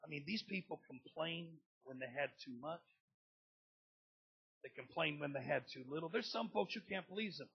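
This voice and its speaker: Gravelly, husky-voiced preacher man. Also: moderate pace, highs cut off. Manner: builds from low talk to loud shouting, acts out family members. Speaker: pastor. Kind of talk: sermon.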